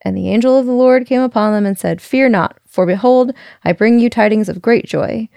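Lady reading a calm earnest little boy from a storybook, gravelly, dry. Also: a little high, a little fast, dry recording. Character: calm thoughtful young boy.

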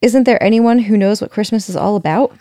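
A woman's voice: mid-range voice, fairly quick, mellow, no echo, clean studio sound, natural voice. Woman reading as Charlie Brown, a gloomy boy. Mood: glum. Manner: wailing, self-doubting. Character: gloomy worried young boy.

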